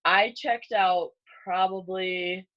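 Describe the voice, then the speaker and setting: A young woman in her late teens, a high school senior, chatting casually with a classmate and using many "like" fillers. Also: steady tone, slow, muffled recording. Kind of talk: casual chat between classmates.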